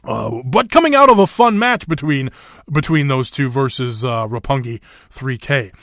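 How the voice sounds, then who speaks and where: This man hosts a wrestling podcast, and his delivery is easygoing, full of fillers, laughter, and unfiltered profanity. His mid-range voice is animated and fairly bright at a normal speed. The sound is clean studio audio with no echo.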